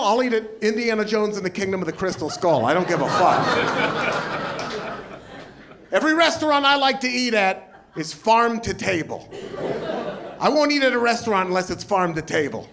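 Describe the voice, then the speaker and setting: A man in his forties from Portland, Oregon, performing a stand-up comedy set, telling stories with silly put-on voices. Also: sits high. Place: comedy club stage. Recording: live show with crowd laughter. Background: audience laughing.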